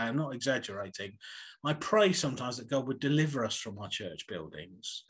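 A man preaching a sermon over a video call, telling stories in a husky voice and acting them out. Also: mid-range voice. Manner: animated, acts out stories.

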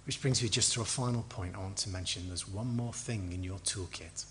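A man's voice: low voice, brisk, a bit bright, a little hiss or hum. A middle-aged man from England preaching a sermon, telling stories with acted quotes and dry humor.

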